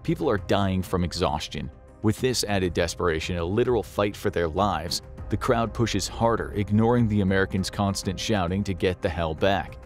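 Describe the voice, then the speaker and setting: Deep-ish guy doing serious documentary narration, music faintly underneath. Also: normal speed. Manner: grave, dramatic storytelling.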